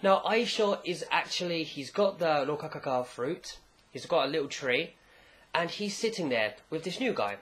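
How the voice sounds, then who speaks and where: A man's voice: fairly high pitch, normal speed. Chatty man recapping a comic. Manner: rambling, animated storytelling with asides. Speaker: manga chapter reviewer. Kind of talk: casual recap commentary.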